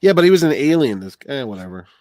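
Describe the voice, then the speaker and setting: A man's voice: medium pitch, sing-song, quick pace, a little mellow, dry recording, clean studio sound. A man co-hosting a podcast who chats casually with a wry, skeptical edge. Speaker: podcast co-host. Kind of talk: casual review chat.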